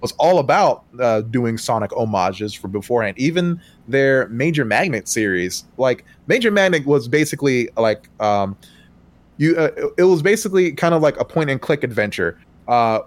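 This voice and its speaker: A man co-hosting a podcast, talking casually about video games. He is animated and laughs a lot, and his voice jumps high and loud when he quotes his own reactions. His pitch sits in a middle range. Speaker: podcast co-host. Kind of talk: casual game talk.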